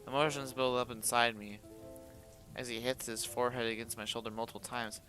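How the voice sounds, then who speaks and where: A man reads a visual novel aloud in the first person, putting feeling into the narration. His voice is an ordinary mid pitch, and he often stumbles and restarts. He breaks off now and then with blunt sworn reactions, while faint music plays behind him. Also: steady tone, a little fast, sharp tone. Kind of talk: dramatic first-person story reading with asides.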